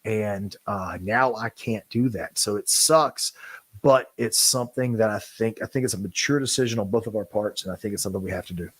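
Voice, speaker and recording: A man giving an earnest, apologetic statement on a podcast, halting often and restarting his sentences. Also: on the low side, fairly bright tone, husky, dry recording. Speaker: podcast co-host.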